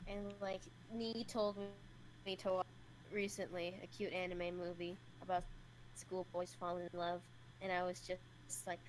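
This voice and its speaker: A young woman chatting casually on a stream, rambling and halting as she talks. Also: on the low side, flat delivery, slight background noise, rough recording. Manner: rambling, halting, self-correcting. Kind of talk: casual chat.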